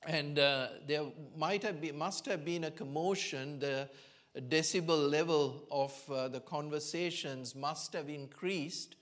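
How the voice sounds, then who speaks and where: Speaking with a fairly high, somewhat bright voice, a preacher recounts a Bible story during a church sermon. His delivery is slow and earnest, broken up by many pauses and filler words.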